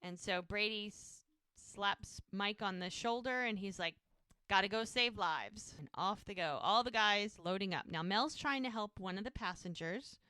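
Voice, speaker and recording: She's a podcast co-host giving a relaxed recap of a TV episode, performing the characters' dialogue while retelling scenes. Her medium-pitched voice sounds pushed, bright and smooth, at a moderate pace. It's studio-quality audio without any echo.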